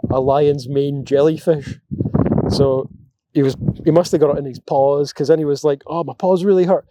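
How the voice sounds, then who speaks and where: Sailor co-host, higher register, warm mellow voice, casual rambling delivery. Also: male voice, a little hiss or hum. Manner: relaxed, rambling, chatty with his dogs. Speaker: sailing vlog co-host. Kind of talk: casual vlog chat. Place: aboard an anchored sailboat.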